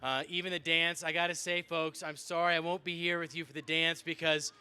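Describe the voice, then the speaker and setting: A man's voice: fairly high pitch, little pitch movement, brisk, pushed and bright, smooth. A man, a state legislator, giving an earnest, rousing speech to a rally crowd. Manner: earnest, rousing public address.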